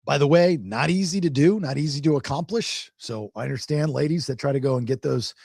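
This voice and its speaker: A male podcast host, his voice a little high and creaky, talks briskly while telling a long story in casual chat. He rambles, repeats words, and gets animated quoting others. No room sound is audible, and the quality is studio grade.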